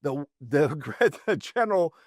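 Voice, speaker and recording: Lively storytelling man, slightly high voice. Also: a little slow, no echo, studio quality. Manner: lively storyteller, repeats words for emphasis. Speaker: host of a history series. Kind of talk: casual history storytelling.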